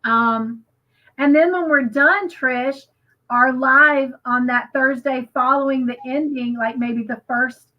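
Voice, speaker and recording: A woman co-hosting a crochet livestream, gushing excitedly and reading viewer comments aloud. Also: high-pitched, takes it slowly, muffled recording. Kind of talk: casual live chat, reading comments.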